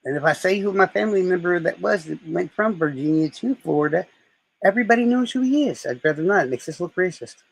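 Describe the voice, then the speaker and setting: Male streamer, casual chat; rough, husky voice, rambling delivery. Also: high-pitched, lively intonation, fast, no echo, poor audio. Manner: rambling, profane storytelling.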